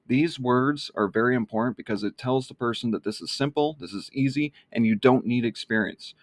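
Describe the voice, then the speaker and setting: A man's voice: medium pitch, fairly quick, no room sound. A man explaining his email marketing in a casual walkthrough, with many fillers and a rambling manner. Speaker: online marketing vlogger.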